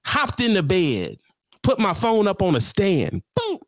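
A middle-aged man spins a comic trucker tale with a voice that leaps up and down as he goes. He sits a little high in pitch and talks in loose slang, talking straight to the viewer. The sound is dry, with no room echo. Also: huge pitch swings, unhurried. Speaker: truck driver telling a story. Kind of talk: comic storytime vlog.

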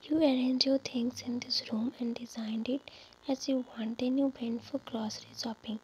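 A woman narrating a fan fiction story in a whispered role-play, softly and steadily. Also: a little high, fairly even intonation, moderate pace, muffled recording, slight background noise.

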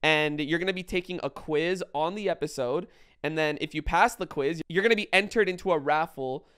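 A man's voice: a little high, fairly quick, fairly bright tone, smooth. A man in his twenties co-hosting a casual podcast, talking in an upbeat, rambling way into a studio mic. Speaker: podcast co-host. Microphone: studio podcast microphone.

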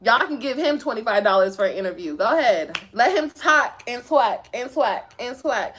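Young woman, phone live-stream rant, blunt and sassy, high lively voice. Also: moderate pace, few pauses, a little hiss or hum. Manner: blunt, profane, sassy, laughing often. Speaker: livestreamer.

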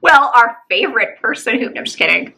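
A woman's voice: on the high side, lively intonation, quick pace, creaky, sharp tone, slight background noise, low-quality recording. A woman co-hosting a podcast, talking in a blunt, scornful and sarcastic casual chat. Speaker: podcast co-host.

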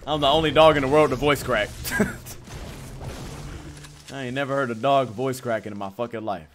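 A young man streaming a game from his home setup, swearing often, joking with chat and breaking into loud laughter and outbursts. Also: medium pitch, steady tone, moderate pace, slight background noise. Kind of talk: casual live-stream commentary.

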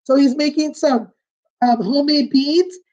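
Woman, kindergarten teacher, picture-book read-aloud, gentle, asks questions, high voice, dull muffled sound. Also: a little slow. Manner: gentle, explains words, asks children questions.

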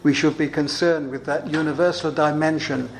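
A man's voice: on the high side, fairly even intonation, normal speed, slight background noise, low-quality recording. An older man preaching an earnest expository sermon, reading scripture aloud and asking rhetorical questions.

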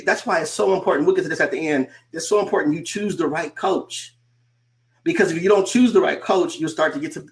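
A man's voice: on the high side, vocal fry. Emphatic male coach full of rhetorical questions. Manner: emphatic, repeats lines and asks rhetorical questions; slows down to stress key phrases. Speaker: coach and conference speaker. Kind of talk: motivational talk. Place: speaking remotely to a virtual audience.

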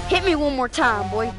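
A young woman chatting casually while playing a game, giggly, excitable and trash-talking. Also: sits high. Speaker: gamer. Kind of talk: casual gaming chat.

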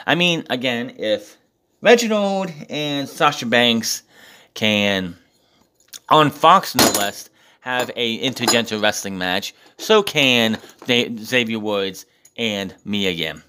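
A man's voice: medium pitch, animated, takes it slowly, pushed and bright, clean tone. A man with an ordinary mid-range voice talks through a recap casually. He swears freely and grows exasperated, slipping into mocking impressions of the people he's quoting. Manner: profane, exasperated, acts out quotes mockingly. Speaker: wrestling show reviewer. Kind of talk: casual recap with ranting commentary.

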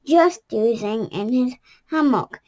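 A woman's voice: a little high, lively intonation, slow, a little mellow. Woman voicing a cross storybook kangaroo. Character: cross male kangaroo, bouncy and touchy.

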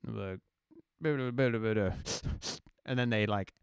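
A man's voice: lowish voice, very slow, vocal fry, smooth, no echo, clean studio sound. A man casually walking through his music production step by step in a live tutorial. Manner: chatty, explains step by step.

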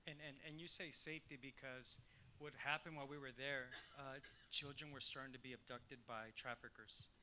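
A man's voice: mid-range voice, fairly even intonation, fairly quick, noisy background. A man, a pastor, speaking to his congregation in an emphatic preacherly way, repeating points for stress. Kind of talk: talk to a congregation.

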